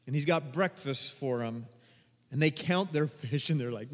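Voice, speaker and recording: A male pastor preaching a sermon, moving from loud, emphatic bursts to quiet, low asides. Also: measured pace, in a large hall. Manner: dynamic, swings between loud emphatic and quiet. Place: church sanctuary.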